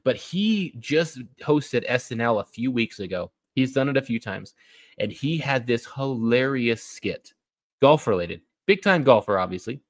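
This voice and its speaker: A young man co-hosting a casual golf podcast, telling stories with lots of "like" and "you know" and jumping into high, excited quoted voices. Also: unhurried, dry recording. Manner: animated storytelling, jumps high when acting out quotes. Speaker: podcast co-host. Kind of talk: casual chat.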